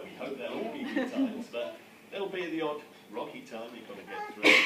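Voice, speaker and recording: Give me an older man giving a joking wedding speech, heard from far off in an echoey hall with loud room noise. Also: medium pitch. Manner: joking, chuckling, gets emotional. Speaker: father of the bride.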